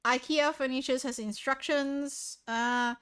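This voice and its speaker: A high-pitched woman with a steady, clean, somewhat bright tone talks at a measured pace. She's hosting a livestream, giggling, rambling and running herself down while chatting with viewers, a touch sniffly from sneezing, on a desk mic with noise suppression.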